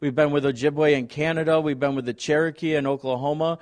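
A middle-aged man speaking as a visiting ministry leader at a church, telling stories in an excited, rambling way. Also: fairly high pitch, fast. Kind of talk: testimony talk to a congregation.

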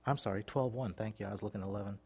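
A man's voice: on the low side, fairly even intonation, very fast, gravelly, darkish tone, breathy edge. A man preaching a sermon as pastor, folksy and joking, reading scripture aloud between his comments. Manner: folksy and joking, laughs at his own asides.

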